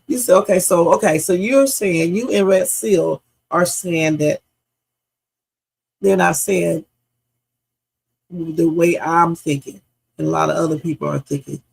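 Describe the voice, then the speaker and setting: Gravelly woman grilling her live chat. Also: fairly low pitch, unhurried, long pauses. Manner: heated, questioning, profane, talks back to chat. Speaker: livestream host. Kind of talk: live reaction stream commentary.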